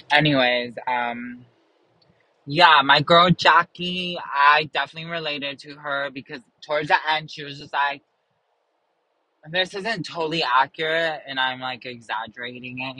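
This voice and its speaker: A man's voice: on the high side, bright, forceful tone, no room sound, poor audio. A man chatting casually and rambling about a show he recommends. He leans heavily on fillers, trails off and pokes fun at himself. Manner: filler-heavy, trails off, self-mocking. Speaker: show reviewer.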